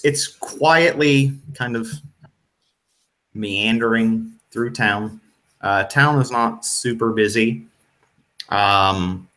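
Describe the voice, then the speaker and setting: A man's voice: on the low side, sharp tone. A man narrating as game master of a tabletop horror game, hesitant, with many ums and restarts.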